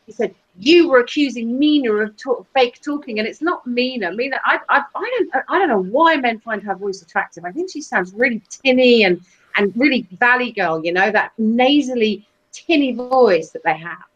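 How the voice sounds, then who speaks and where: A woman's voice: fairly high pitch, animated, normal speed, highs cut off. Teasing woman with a raised voice. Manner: teasing, blunt and opinionated. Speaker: co-host. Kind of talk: casual chat on a live stream.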